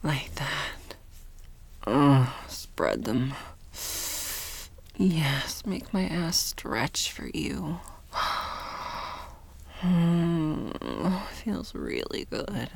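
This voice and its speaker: Woman, whispered role-play: breathy, very unhurried delivery, teasing and dominant. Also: sits low, lively intonation. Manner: slow, breathy, teasing and commanding. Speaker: audio role-play performer.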